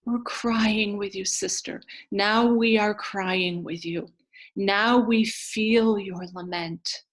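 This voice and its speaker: A woman's voice: mid-range voice, fairly even intonation, slow, voice pushed up, lightly acted. Woman whispering as grieving little dirt beings, whispered role-play. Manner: soft, partly whispered lament. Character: tiny grieving dirt beings, plural, tender.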